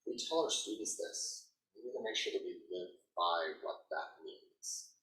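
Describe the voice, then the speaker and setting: A man in his thirties giving a conversational presentation as an educator, animated and sprinkled with "like.". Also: low voice, a little slow. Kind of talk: conference presentation. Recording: echoey room, mic at a distance.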